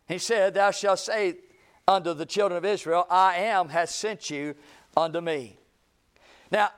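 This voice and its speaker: A man preaching in a church, his voice sitting high and his delivery unhurried. He reads scripture in a measured cadence and swings from ringing declarations down to near-whispers. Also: animated. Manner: preaching with dramatic pauses, swinging from loud to hushed; reads scripture aloud in a slow, deliberate cadence. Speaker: pastor. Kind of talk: sermon. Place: church sanctuary.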